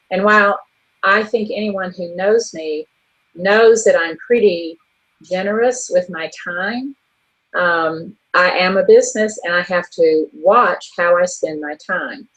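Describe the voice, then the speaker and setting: A woman co-hosting an online business show, her mid-range voice having a breathy edge, frankly tells a story about a difficult contact. It's a chatty, exasperated casual monologue, captured on a low-quality recording.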